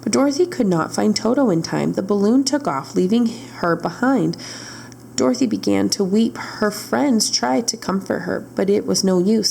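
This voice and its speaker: A woman's voice: medium pitch, creaky, warm tone, slight background noise, rough recording. A woman librarian reading a storybook aloud at storytime, narrating steadily and correcting small slips.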